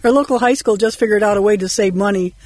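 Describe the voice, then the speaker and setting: A woman co-host reading mock ads and jokes aloud in a brisk, light way. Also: mid-range voice, a little mellow, no echo, rough recording.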